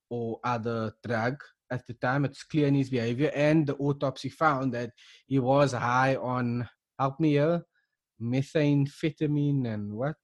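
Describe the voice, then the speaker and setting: A man from South Africa co-hosting a casual podcast, retelling events with lots of restarts and fillers. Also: medium pitch. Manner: rambling, many restarts and fillers. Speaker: podcast co-host.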